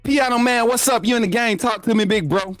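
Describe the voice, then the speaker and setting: Fast-talking trash-talking sports show host. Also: male voice, extremely high pitch, no echo, clean studio sound, soft background music. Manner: loud trash-talking, laughing, scolding the chat. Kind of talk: casual call-in sports talk.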